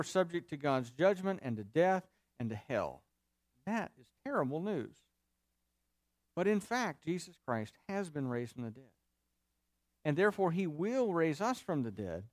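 A pastor preaches a sermon earnestly, reading scripture and then explaining it to the congregation, using vivid mock voices for the people he quotes. His voice is a little high, with clean studio sound and no room sound.

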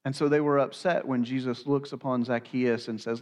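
A man preaching a sermon in earnest, slowing down to stress key phrases. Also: mid-range voice, steady tone, a little mellow, long reverb tail. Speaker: pastor.

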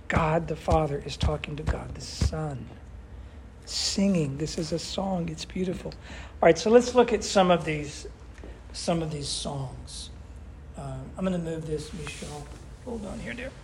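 A man's voice: on the high side, lively intonation, a little slow, slight background noise. An older man teaching a Bible study in an earnest, emphatic way, often asking his class questions.

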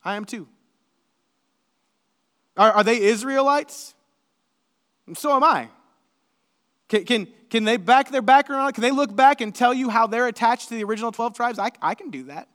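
A male preacher delivers an animated sermon in a fairly high voice, building his points into emphatic, shouted lists. The sound rings out with the long reverb of a large hall. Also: moderate pace, long pauses. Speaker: pastor.

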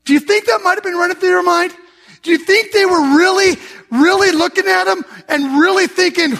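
A middle-aged male pastor preaching a sermon, telling the story with humor and acting out the people in it, and rising to shouts for emphasis. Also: very high voice, moderate pace, creaky. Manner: animated storyteller, acts out voices with humor.

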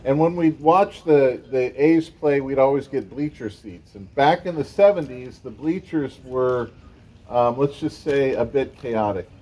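A man's voice: medium pitch, unhurried, darkish tone, low-quality recording. A middle-aged man from the San Francisco Bay Area, a pastor giving a conversational sermon with a personal story.

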